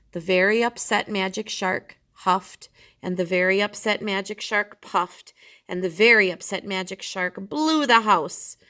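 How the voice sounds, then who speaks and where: A woman's voice: medium pitch, pushed and bright. A woman reading a children's picture book aloud, breaking off for chatty asides to her listeners.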